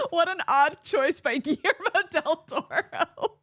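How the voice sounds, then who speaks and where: A woman streamer chatting casually with her viewers. Her pitch leaps up and down with animation, and she laughs readily between thoughts. The sound is dry and close, with no room around it. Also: measured pace, no echo. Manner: animated, laughs often, reads chat aloud.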